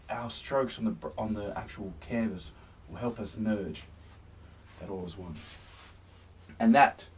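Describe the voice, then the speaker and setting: A man hosting a painting demonstration, gentle and encouraging, often sinking to a soft near-whisper. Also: on the low side, a little slow, pauses often. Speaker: painting tutorial host. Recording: slightly distant mic with faint hiss.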